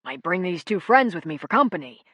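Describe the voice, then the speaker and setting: A kindly male nurse, as a woman narrator puts him on, speaking politely and gently. He reassures in a calm, measured way. The voice sits low in the narrator's register. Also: slightly rough, no room sound, clean studio sound, full character voice. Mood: reassuring.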